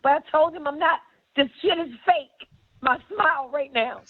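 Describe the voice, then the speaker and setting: Middle-aged woman telling it straight in an interview, high voice, swears a lot, sounds thin like over a phone. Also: moderate pace, phone-quality sound. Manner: blunt, profane, emphatic. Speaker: interview guest. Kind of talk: candid storytelling.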